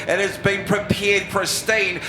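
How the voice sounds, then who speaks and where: A man's voice: high-pitched, little pitch movement, a little slow, bright, forceful tone, echoey room, a little hiss or hum, poor audio. A man commentating live at a speedway, hyping up the crowd. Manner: upbeat, hypes the crowd. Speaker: speedway announcer.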